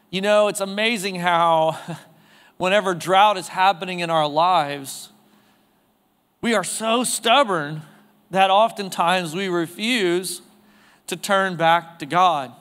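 High-voiced pastor preaching in a reverberant church. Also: male voice, fairly bright tone, clean tone. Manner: conversational preaching, asks the congregation questions. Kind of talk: sermon. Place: church sanctuary.

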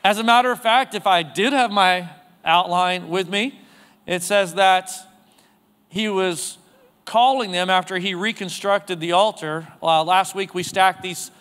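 A man's voice: high voice, measured pace, fairly bright tone, clear, resonant tone, in a large hall. A man preaching a sermon in a church sanctuary, talking in a casual, conversational way and putting questions to the congregation. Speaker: pastor.

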